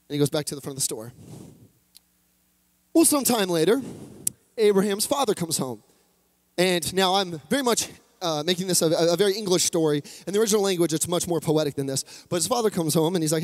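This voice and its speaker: Joking preacher in a big echoey hall. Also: male voice, fairly high pitch. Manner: humorous, chatty retelling with asides. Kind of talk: sermon storytelling. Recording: long hall reverb.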